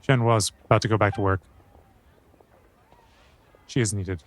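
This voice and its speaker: A man's voice: fairly low pitch, fairly even intonation, unhurried. A man giving casual, joking commentary while playing a game and reading dialogue choices aloud. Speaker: gaming streamer.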